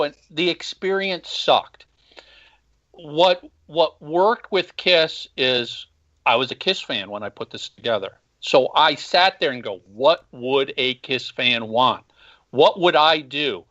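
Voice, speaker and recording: A man's voice: fairly high pitch, slow pace, pushed and bright, highs cut off. A man calling in to a casual interview, talking bluntly and emphatically about music fans. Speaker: podcast host and former band marketer. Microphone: phone call.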